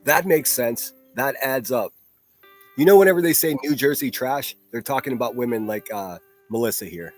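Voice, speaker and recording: A man's voice: medium pitch, expressive, normal speed, soft background music. A man hosting a solo livestream, ranting in a profane, mocking and combative way. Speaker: livestream host.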